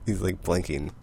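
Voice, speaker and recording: A man with a deep, gravelly voice recapping his weekly comics in a loose, rambling way, leaning on "like" constantly. A faint hiss sits under the recording. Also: dark tone. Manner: rambling, heavy use of "like". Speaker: comic book vlogger.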